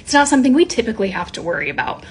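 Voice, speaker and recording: A woman's voice: fairly high pitch, very animated, very fast, a little hiss or hum. A young woman, a mother of two toddlers, talking candidly to camera in a blunt, profane, self-deprecating way, sometimes dropping to a whisper. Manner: drops to a whisper for emphasis. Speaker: mom content creator. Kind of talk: candid confessional vlog.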